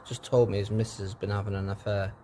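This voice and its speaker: A British man telling one-liner pub jokes, pitching his voice up for the quoted characters. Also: flat delivery, fast talker, warm tone, a little hiss or hum. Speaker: comedian.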